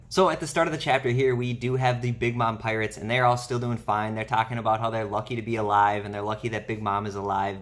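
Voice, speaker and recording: Chatty male manga YouTuber. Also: fairly low pitch. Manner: chatty, addresses the viewers with fillers. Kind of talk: casual video commentary.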